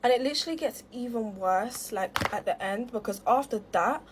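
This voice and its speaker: A woman's voice: fairly high pitch, lively intonation, moderate pace, few pauses, slight background noise. A young woman telling an aggrieved story to camera, rambling with plenty of fillers. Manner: rambling, heavy filler use, aggrieved retelling. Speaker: storytime creator.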